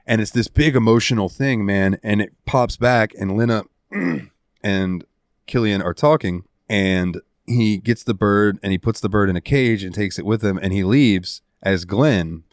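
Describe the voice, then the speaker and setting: A man hosting a casual podcast, recounting a game's ending with animated, heartfelt storytelling and some swearing. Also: low voice, normal speed, no room sound, clean studio sound. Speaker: podcast host. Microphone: studio headset mic.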